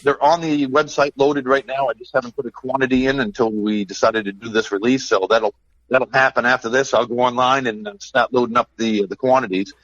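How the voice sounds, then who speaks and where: A man's voice: medium pitch, steady tone, a little fast, fairly bright tone, no room sound. Chatty man on a dull dry mic. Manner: chatty, storytelling, upbeat. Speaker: game call maker, podcast guest. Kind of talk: casual podcast chat.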